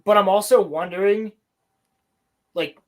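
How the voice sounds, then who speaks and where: A man co-hosting a podcast, recapping a show in casual chat, animated and swearing often. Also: sits high, a little slow. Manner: animated, swears a lot, mimics characters. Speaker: podcast co-host.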